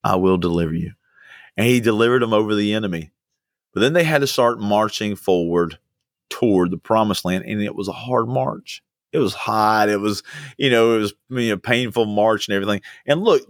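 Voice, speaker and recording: A man preaching a sermon with fervent repetition and sudden swings of pitch. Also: dry recording, studio quality. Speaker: pastor.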